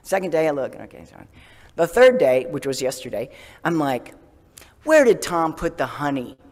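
A man speaks as a Zen priest in a relaxed, conversational sermon, poking fun at himself and laughing often. His voice sits a little high, and he sometimes sinks to a soft whisper. A long reverb trails his words through the hall. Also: normal speed. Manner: self-deprecating, laughs often, drops to a soft whisper for self-talk. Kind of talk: casual sermon.

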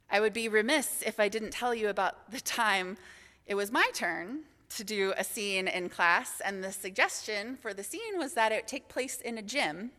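Young woman, assistant minister; bright tone, reverberant hall. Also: medium pitch. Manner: candid storytelling, self-deprecating. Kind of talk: sermon reflection.

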